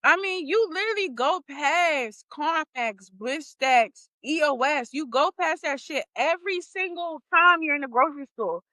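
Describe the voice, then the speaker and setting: High, bright woman ranting bluntly. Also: expressive, moderate pace, hardly any pauses, no room sound. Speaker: podcast co-host. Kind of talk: casual chat.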